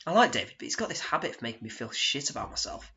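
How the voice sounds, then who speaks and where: A man performing a solo theatre monologue, narrating in a deadpan, sardonic, self-mocking way, on a dull lo-fi recording. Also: mid-range voice, very fast, vocal fry.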